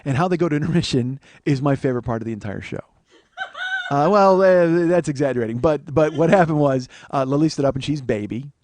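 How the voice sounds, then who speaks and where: A man's voice: a little high, a little fast, darkish tone. A man in his forties hosting a comedy podcast, telling long rambling stories with plenty of swearing and self-mocking asides. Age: 40s. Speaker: podcast host. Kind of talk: comedic storytelling monologue.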